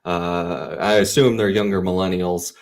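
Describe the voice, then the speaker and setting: Chatty, animated low-voiced man. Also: measured pace. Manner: animated, talkative, laughs loudly. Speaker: guest author. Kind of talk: casual interview chat.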